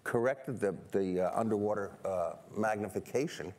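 An older man from New York City, telling stories on stage as a guest photographer, animated and self-deprecating, often restarting his sentences. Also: on the low side, moderate pace. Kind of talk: humorous stage conversation. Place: seminar stage before an audience.

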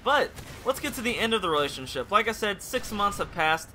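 A man's voice: high voice, big pitch swings, brisk, pushed and bright, slight background noise. A young man casually telling a rambling personal story over gameplay commentary, candid and swearing freely. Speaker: gaming channel host.

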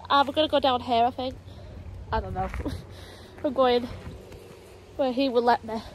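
A woman's voice: fairly high pitch, moderate pace, slight background noise, rough recording. A young woman in her twenties chatting casually to camera while walking her dog through the countryside, a little out of breath. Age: 20s. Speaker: vlogger. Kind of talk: casual vlog chat. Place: outdoors on a countryside walk.

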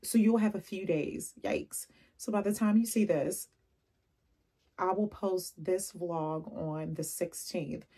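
A young adult woman vlogging casually, telling animated stories with laughs and asides. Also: lowish voice, slow pace, breathy edge. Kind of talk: casual chatty vlog.

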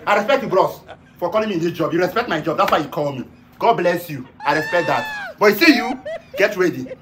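Man as a cocky Nigerian trumpeter, high rapid quarrelsome voice, music under. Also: huge pitch swings, background noise. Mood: boastful. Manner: loud, quarrelsome, threatening. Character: boastful hot-tempered male trumpeter. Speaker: hired trumpeter. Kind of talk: comedy skit acting.

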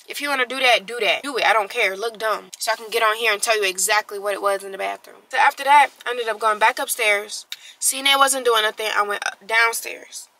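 A young woman vlogger telling a story casually, slangy and animated, acting out what others said. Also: on the high side, poor audio. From Texas. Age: young adult. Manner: animated, slangy, acts out quotes.

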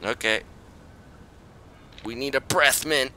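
A young man commenting on his own gameplay, pleading with himself and muttering, with sudden high yelps when things go wrong. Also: slow. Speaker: gaming channel host. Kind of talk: let's-play commentary. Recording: loud background noise.

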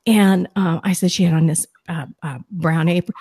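A middle-aged woman, a guest psychic medium, telling a story in an animated, excitable, rambling way on a talk show. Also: lowish voice, moderate pace, husky, no room sound, studio quality.

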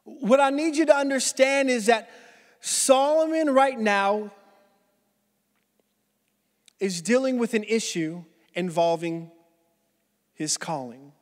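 High-voiced male pastor, loose and animated storyteller, preaching in a reverberant church hall. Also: a little slow. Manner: animated, casual, restarts phrases often. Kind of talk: conversational sermon storytelling. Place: church sanctuary.

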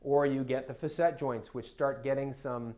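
A man's voice: mid-range voice, fairly even intonation, normal speed, dark tone. A spine surgeon, a man, giving an educational talk for patients, explaining step by step and often checking in with "okay?".

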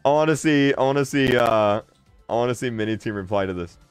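Exasperated male streamer, smooth and dry. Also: medium pitch, a little fast, dry recording, faint music behind. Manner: exasperated, repeats himself, stammers and laughs. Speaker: livestreamer. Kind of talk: livestream chat commentary.

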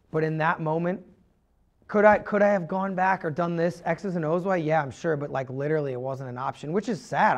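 Guesting on a podcast, a young man rambles through a sincere, confessional account of his life, full of "like" and restarts. His voice runs on the high side, and the recording has its highs cut off.

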